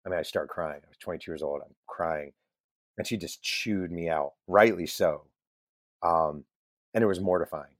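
A man being interviewed as a journalist, telling self-deprecating stories in a lively, casual way with the odd swear word. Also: sits low, normal speed, dry recording, studio quality. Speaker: guest journalist and author.

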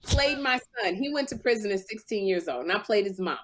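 A woman in her fifties hosting a talk show, telling stories in an animated, emotional way. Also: mid-range voice, fast talker. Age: 50s. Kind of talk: casual podcast chat.

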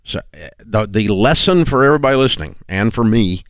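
A man's voice: fairly low pitch, animated, fairly quick, no echo, studio quality. A man hosting a talk show, speaking in a blunt, folksy, rambling way with restarts. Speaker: radio show host. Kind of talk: casual talk show chat.

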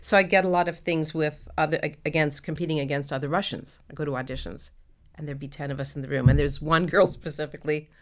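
Low-voiced woman telling lively stories. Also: fast. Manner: animated storytelling with frequent laughs. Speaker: actress guest. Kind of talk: casual interview chat.

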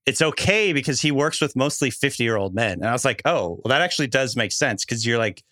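A man co-hosting a podcast in casual chat, laughing easily and reacting quickly. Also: medium pitch, lively intonation, pushed and bright, no room sound, clean studio sound. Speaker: podcast co-host.

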